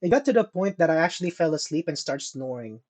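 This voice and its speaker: A man's voice: on the high side, lively intonation, fast talker, a crowd in the background. A young man co-hosting a casual podcast, telling a dating story with lots of laughter and swearing. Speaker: podcast co-host.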